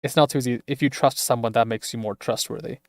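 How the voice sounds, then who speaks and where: A man's voice: mid-range voice, fairly even intonation, fast talker, dry recording, natural voice. Guarded, easygoing man with secrets, read by a male streamer; dry close mic. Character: guarded, laid-back adult man with secrets.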